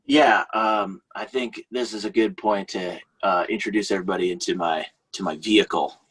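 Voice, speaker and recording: A man's voice: sits low, steady tone, moderate pace, fairly bright tone, breathy edge, poor audio. A man, a podcast guest, telling a story casually, chatty and often laughing.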